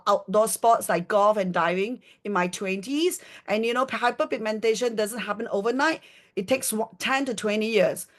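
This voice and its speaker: A middle-aged woman with a slightly high voice, leading a live skincare demonstration over a video call. She talks casually and walks through each step, often stopping to ask if everyone is following. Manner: chatty, explaining step by step, checking in with "okay?".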